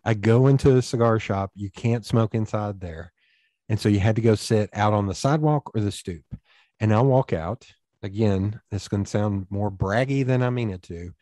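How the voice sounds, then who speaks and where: Man, warm mellow voice, dry close sound, rambling anecdotes with acted-out dialogue. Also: on the low side, moderate pace, dry recording. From East Tennessee, USA. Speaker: podcast guest. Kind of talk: casual storytelling conversation.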